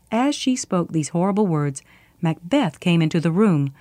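A woman narrating a storybook in a clear, steady reading voice. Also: lowish voice, normal speed, no room sound, clean studio sound.

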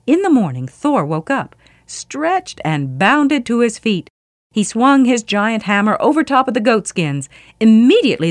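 A woman reading a myth aloud as a storyteller, expressive and vivid. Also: mid-range voice, no echo, clean studio sound.

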